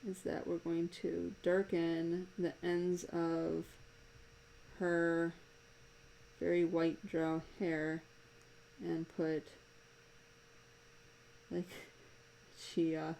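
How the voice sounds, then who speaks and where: Chatty woman streamer drawing live, voice sits low with a gravelly edge; amused, rambling asides. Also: monotone, slow pace, pauses often, warm tone, a little hiss or hum, rough recording. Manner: chatty and amused, laughs often, rambles between thoughts. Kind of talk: casual chat while drawing live. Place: home desk.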